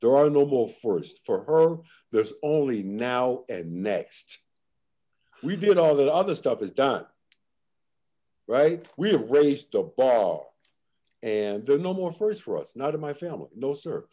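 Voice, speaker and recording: A man's voice: medium pitch, sing-song, a little slow, warm tone. Emphatic older man telling folksy stories. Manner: folksy, emphatic storytelling with repeated refrains. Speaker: panel guest. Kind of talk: storytelling on a panel.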